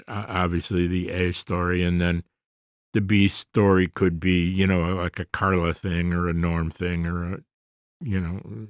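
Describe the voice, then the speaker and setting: A man in his seventies with a very deep voice talks as a guest on a podcast, recorded dry and close. He rambles in an easygoing way, full of small pauses and fillers. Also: dry recording. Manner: relaxed, rambling, many fillers. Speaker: guest, comedy actor. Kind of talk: conversational interview.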